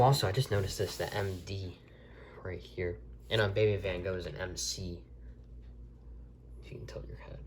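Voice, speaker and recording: A man's voice: low voice, a little hiss or hum. A man reviewing a collectible video tape from the desk in his bedroom, talking casually and rambling with many restarts.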